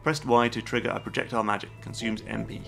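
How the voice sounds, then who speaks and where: Gravelly low-voiced man streaming a game. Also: steady tone, fast talker, bright, forceful tone. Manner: reads on-screen game text aloud between joking asides. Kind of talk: live stream game commentary. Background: game music.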